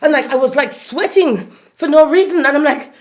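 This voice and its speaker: A woman from Jamaica with a Jamaican accent, giving a lively inspirational talk to a group, laughing often and bursting into loud peaks. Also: high voice, brisk. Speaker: motivational speaker.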